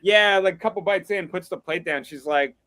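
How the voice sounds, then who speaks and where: A man's voice: fairly high pitch, a little fast, fairly bright tone, a little hiss or hum. A man chatting as a comedy guest, laid-back and rambling with lots of fillers. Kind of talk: casual comedic chat.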